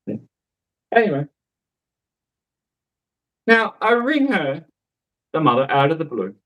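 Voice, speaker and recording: A psychic medium, a man with a voice on the high side, tells a story very animatedly but slowly. He's chatty and rambling, with many fillers, asides and laughs, and the recording sounds muffled.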